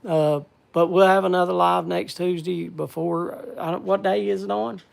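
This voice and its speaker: A man hosting a casual live stream, thanking viewers in a halting, repetitive, heartfelt way. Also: sits high, fairly even intonation, gravelly. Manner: halting and repetitive, stumbling over words. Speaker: livestream host.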